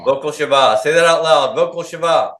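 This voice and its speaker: Against a loud crowd, a man with a highish voice talks fairly quickly, teaching, quizzing and drilling students and repeating what they say. The call-and-response lecture was captured in an echoey classroom.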